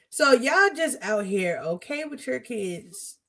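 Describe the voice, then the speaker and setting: A young woman co-hosting a podcast, telling stories in a profane, animated casual chat. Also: mid-range voice, takes it slowly.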